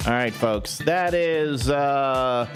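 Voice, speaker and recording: A man's voice: mid-range voice, drawn-out words, music in the background. A man hosting a local morning radio show, joking in casual banter and putting on silly voices. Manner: jokey, puts on silly voices. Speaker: radio host. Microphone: studio microphone.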